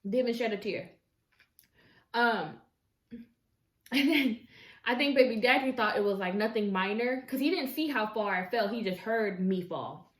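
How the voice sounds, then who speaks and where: A woman telling a story casually while eating on camera at home, chatty and expressive, with slangy asides to her viewers. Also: fairly high pitch, moderate pace, pauses often. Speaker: mukbang vlogger. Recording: echoey room.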